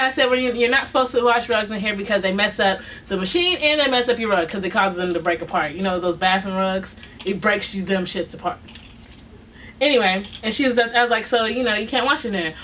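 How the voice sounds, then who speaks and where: Bright, animated woman telling a story. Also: fairly high pitch. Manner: animated, quoting both sides, laughing often. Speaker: vlogger telling a work story. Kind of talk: casual storytelling. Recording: distant mic with faint noise.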